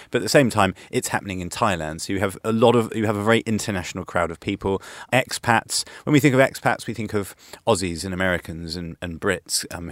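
British man, very low voice, rambling enthusiasm, restarts, dry close sound. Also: no echo. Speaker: travel journalist guest. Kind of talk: radio interview.

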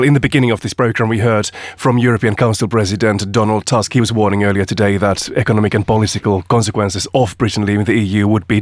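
A man with a fairly low voice hosts a panel discussion and puts measured questions to his guests. The sound is dry and close. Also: dry recording. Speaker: host. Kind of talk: broadcast panel interview.

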